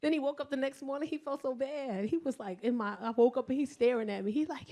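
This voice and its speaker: A woman in her forties with a New York accent delivers a stand-up set in a high, bright voice. She is loud and animated, curses freely, and her voice keeps swinging up into shouts. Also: fast talker. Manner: profane, slangy. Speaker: stand-up comedian. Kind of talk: stand-up routine.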